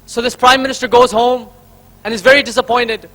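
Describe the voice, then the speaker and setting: A man's voice: very high-pitched, steady tone, a little fast, pushed and bright. A man from Karnataka giving a convention speech, telling a story and then laying out numbered points to the audience he calls friends. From Karnataka, India. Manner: rhetorical, addresses the audience as friends, counts off points. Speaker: speaker at a convention. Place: convention hall stage.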